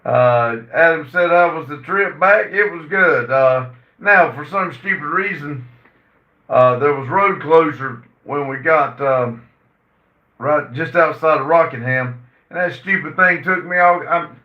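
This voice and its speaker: A man hosting a casual livestream, reading viewer comments aloud and answering them with many "uh" fillers. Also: a little high. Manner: reads chat messages aloud and answers them; halting, frequent "uh" fillers. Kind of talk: casual chat. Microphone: phone. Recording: roomy, distant and dull phone audio.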